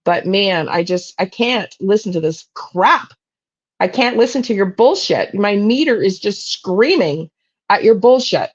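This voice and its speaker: A woman's voice: medium pitch, expressive, unhurried, lo-fi sound. A woman hosting a true crime channel, ranting bluntly and angrily with plenty of profanity on a live stream. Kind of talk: live-stream soapbox rant.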